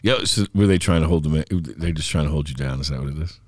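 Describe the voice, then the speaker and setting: A man's voice: very deep voice, quick pace, no echo, studio quality. A man co-hosting a casual podcast chat, blunt and reactive, swearing now and then. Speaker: podcast co-host.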